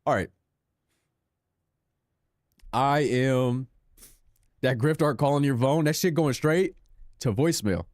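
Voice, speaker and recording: A young man streams a racing game, chatting with viewers in a sarcastic, self-deprecating, rambling way. His medium-pitched voice is a little mellow, and he takes it slowly with frequent pauses. The recording is clean studio sound with no room echo.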